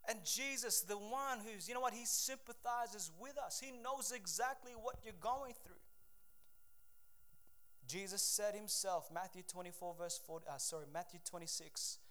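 A man preaching a sermon with passion, repeating phrases and dropping his voice low when he quotes scripture. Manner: impassioned, rising to near-shouts, then dropping low for scripture; rapid asides and repetitions.

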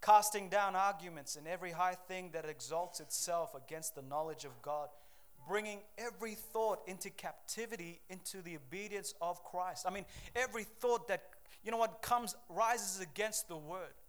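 A man preaches an energetic sermon, reading Bible verses and calling out to the congregation for a response. His voice sits high and his pace is moderate.

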